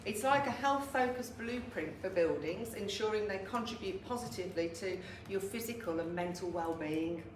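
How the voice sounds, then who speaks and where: A woman giving a male architect's business pitch in her own voice, steady and earnest, recorded far off in a roomy room. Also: normal speed, few pauses, close to an everyday voice. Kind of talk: mimicking a colleague's pitch. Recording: far, roomy, background noise.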